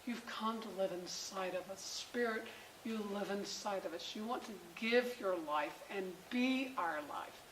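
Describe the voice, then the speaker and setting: A middle-aged woman teaching a Bible class for mothers and closing in prayer, animated and emphatic, with bursts of excitement. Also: medium pitch, unhurried. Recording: echoey room with faint background noise.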